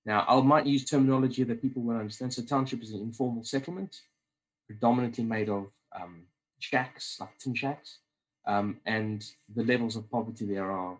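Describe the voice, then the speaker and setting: Brisk and steady in a mid-range voice, the South African-accented podcast guest rambles through a casual interview, restarting his sentences again and again. The audio is poor.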